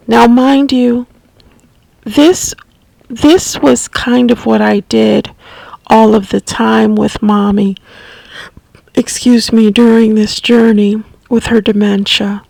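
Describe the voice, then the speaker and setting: A woman telling a personal caregiving story at an unhurried, slow pace, her voice gravelly with heavy fry. She speaks a little high, halting and restarting, in a close, dry recording. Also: level tone, dry recording. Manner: halting, with frequent restarts and soft asides. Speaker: family caregiver sharing memories.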